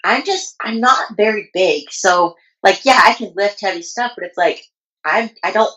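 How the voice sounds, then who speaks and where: A woman's voice: medium pitch, animated, moderate pace, sharp tone, low-quality recording. A woman guest on a podcast, talking in a laid-back way, full of likes and ums. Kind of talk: casual interview chat.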